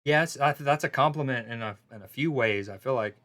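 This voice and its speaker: A man's voice: medium pitch, a little fast. Chatty man doing casual esports commentary. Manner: chatty, loose, excitable, with frequent fillers and restarts. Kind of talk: casual live stream commentary.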